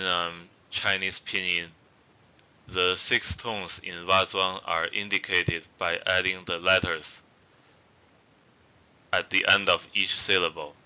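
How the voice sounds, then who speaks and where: A man's voice: low-pitched, pushed and bright, smooth, muffled recording. A man giving a casual spoken language lesson, hesitant with many fillers and restarts. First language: not Zhuang. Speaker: language teacher.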